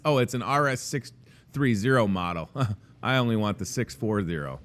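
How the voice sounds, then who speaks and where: A man in his thirties with a low voice hosts a casual show from inside a grocery store café. He rambles and jokes in a loose, self-deprecating way. His talk is easy and chatty. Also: expressive, moderate pace, fairly bright tone. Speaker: host. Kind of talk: casual chat.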